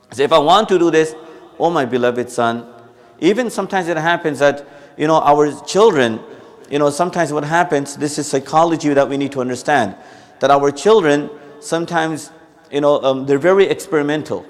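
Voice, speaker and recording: Male religious teacher, somewhat high pitch, chatty sermon delivery that acts out everyday examples. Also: moderate pace. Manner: conversational, explains with acted examples and repeats himself. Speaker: mufti giving a Friday talk. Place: mosque.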